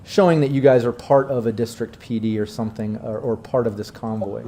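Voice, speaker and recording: A man's voice: mid-range voice, steady tone, brisk, warm tone, a little hiss or hum. A man narrating a tabletop game as game master, loose and filler-heavy.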